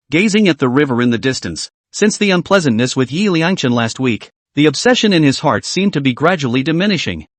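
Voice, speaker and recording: A man narrating a comic story recap in a steady, scripted storytelling manner. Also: fairly high pitch, no echo.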